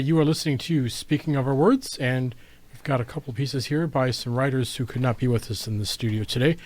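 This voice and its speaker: A man's voice: medium pitch, no room sound. A man hosting a radio show about writing, announcing guests and reading a submitted story in a dramatic storyteller's manner. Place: radio studio. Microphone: studio mic.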